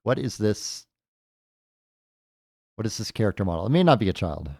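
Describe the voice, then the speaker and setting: A man with a fairly low, slightly mellow voice casually comments on a game he's playing for the first time, very animated at a moderate pace. He thinks aloud with jokey asides; the studio-quality recording has no echo.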